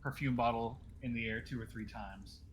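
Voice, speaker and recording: A man's voice: medium pitch, fairly even intonation, normal speed, a little hiss or hum. A man playing a character in a tabletop game, joking and laughing as he describes his moves. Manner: laughing, jokey. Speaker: player.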